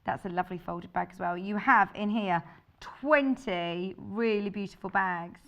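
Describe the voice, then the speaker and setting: A woman's voice: mid-range voice, a little slow, muffled recording. A woman presenting sewing kits on a live shopping channel, chatty and bubbly, thinking aloud as she shows the fabrics. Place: TV studio.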